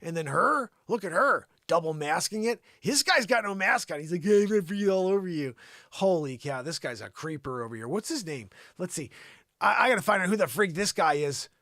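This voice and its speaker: A man hosting an improvised comedy news show, talking in a mocking, animated way to an imaginary co-host. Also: fairly high pitch, a little fast, no echo, studio quality.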